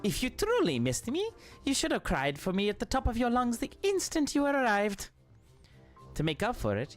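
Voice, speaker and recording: A woman's voice: mid-range voice, pitched above the performer's own voice. A woman voicing an ancient, playful female fairy queen, reading game lines in a flowery, archaic way. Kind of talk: reading game dialogue aloud.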